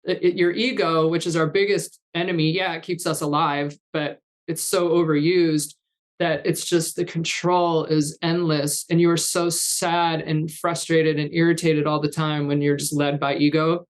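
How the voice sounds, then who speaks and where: A woman's voice: sits low, level tone, moderate pace. A woman in her fifties, a guest in an interview, telling long rambling anecdotes in casual chat and laughing often. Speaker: guest, artist coach.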